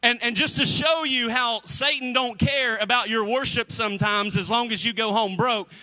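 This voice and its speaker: A male pastor preaching a sermon to a congregation in a church, energetic and calling for responses from the crowd. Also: very high-pitched, moderate pace, low-quality recording.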